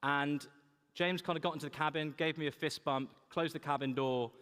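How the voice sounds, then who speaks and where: A man's voice: fairly high pitch, fairly even intonation, moderate pace, a bit bright, clean tone. A young man giving a humorous keynote talk, telling anecdotes to a large audience. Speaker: keynote speaker. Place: large conference hall. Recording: echoey hall reverb.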